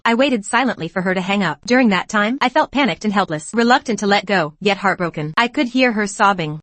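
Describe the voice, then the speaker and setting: Fast, dry female voice-over narrator. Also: mid-range voice, animated, fairly bright tone, dry recording. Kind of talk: scripted first-person narration of a motion comic dub.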